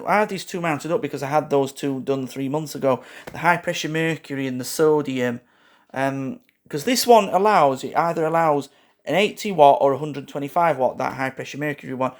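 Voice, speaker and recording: A man rambling through a casual show-and-tell vlog, halting and correcting himself often, with frequent fillers and asides to his viewers. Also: on the high side. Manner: keeps addressing viewers as "guys". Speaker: lighting hobbyist vlogger.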